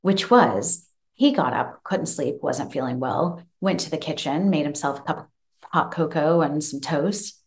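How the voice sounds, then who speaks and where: Woman host, 30s, lower pitch, casual animated storyteller. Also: measured pace. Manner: animated, acts out the child's voice with laughs. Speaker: podcast host. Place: home office room.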